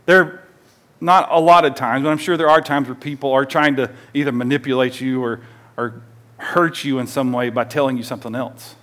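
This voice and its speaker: A man's voice: mid-range voice, fairly even intonation, moderate pace, a bit bright. A man in his forties preaching a sermon as pastor, talking conversationally and leading the congregation in call-and-response.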